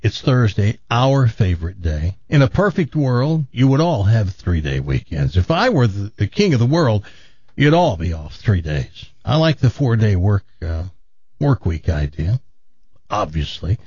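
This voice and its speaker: A man's voice: fairly low pitch, big pitch swings, unhurried, darkish tone, breathy edge, dry recording. A man hosting a radio show in casual chat, rambling and joking, with a put-on Southern accent. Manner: rambling, self-interrupting, joking. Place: radio studio. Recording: slightly muffled radio broadcast.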